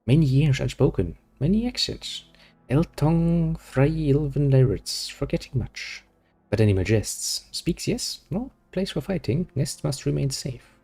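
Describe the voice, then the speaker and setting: A man voicing an ancient spider-faced alien creature that speaks in slow, broken phrases while he reads game dialogue aloud. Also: a little high, lively intonation, creaky, mellow, breathy edge, voice pushed up, full character voice. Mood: halting. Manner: halting broken speech, slow and strange.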